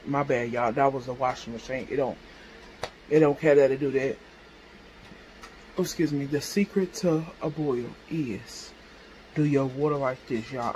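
A woman's voice: a bass voice, darkish tone, slight background noise. A woman vlogger chatting casually to her viewers while cooking in her home kitchen. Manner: chatty, talks straight to viewers, playful. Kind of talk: casual cooking chat to camera.

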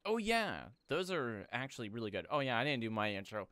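Lively, exasperated young man gaming. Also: on the low side, fairly quick, few pauses, smooth, no echo. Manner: animated, exasperated rants, swears freely. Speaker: host. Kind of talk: casual gaming commentary.

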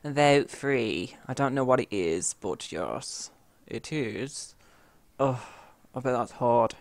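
A man's voice: mid-range voice, slow pace, dry recording. A man from the UK with a British accent, commenting on his own gameplay and yelping and grumbling at the game. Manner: excitable, yelps and grumbles at the game. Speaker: gamer. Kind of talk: let's play commentary.

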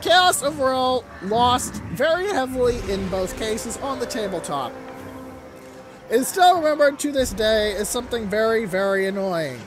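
Lively gamer with game music. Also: mid-range voice, normal speed. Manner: animated, swears freely, talks to the viewer while playing. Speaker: let's play gamer. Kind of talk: casual gameplay commentary.

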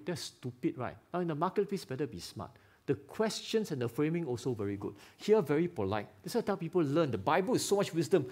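Animated Singaporean pastor preaching. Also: male voice, on the high side, a little fast. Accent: Singaporean English. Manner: animated, rhetorical questions, teasing congregation members by name. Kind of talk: live sermon. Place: church hall.

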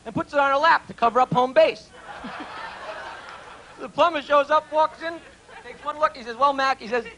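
A man rattles off dirty jokes one after another on a club stage and chuckles at his own punchlines. His voice is very high and sharply bright, with faint hiss underneath. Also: moderate pace. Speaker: stand-up comedian. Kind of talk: rapid-fire dirty jokes.

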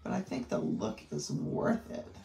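A woman's voice: extremely low pitch, animated, a little slow, vocal fry, warm tone. A middle-aged woman with a Maine accent, demonstrating a craft technique in a chatty way with rambling asides. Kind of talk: craft tutorial. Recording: roomy echo.

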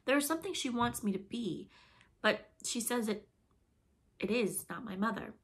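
A woman's voice: on the high side, expressive, normal speed, voice pushed up. A woman doing a cocky boy playing father. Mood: cheerful.

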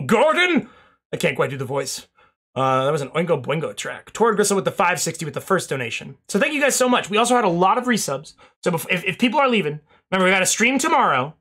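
A man's voice: high voice, sharp tone. A young man streaming, rambling casually through thank-yous to his chat and swearing now and then, a little out of breath.

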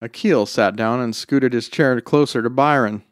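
A man narrating a short story in a measured, expressive storytelling delivery. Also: mid-range voice, dry recording, clean studio sound. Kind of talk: scripted narration.

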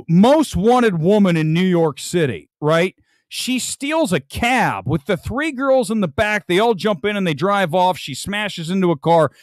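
A man's voice: high-pitched, no room sound. A male host ranting about a movie on a live stream, mocking it and laughing often as he talks. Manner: animated, mocking, laughs a lot while ranting.

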